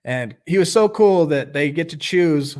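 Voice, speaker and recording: A man's voice: on the high side, expressive, unhurried, darkish tone. A man hosting a livestreamed recovery meeting, talking in an earnest, loose and conversational way and leading a short group prayer. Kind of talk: casual livestream meeting talk. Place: home, livestream.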